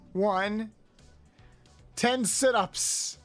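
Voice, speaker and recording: A woman's voice: mid-range voice, slow, no room sound, soft background music. A woman streamer chatting casually with her viewers, counting exercise reps aloud and grumbling and joking between sets. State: doing exercises between lines. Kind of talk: casual live-stream chat.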